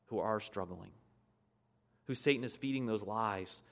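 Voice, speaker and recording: Male preacher, low-pitched, earnest conversational sermon delivery. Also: moderate pace.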